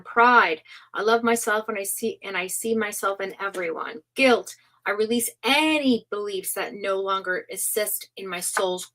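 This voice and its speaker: A woman's voice: mid-range voice, fairly bright tone, slight background noise, poor audio. A woman doing a casual live-stream tarot reading, chatty and gushing with lots of fillers. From United States. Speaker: tarot reader.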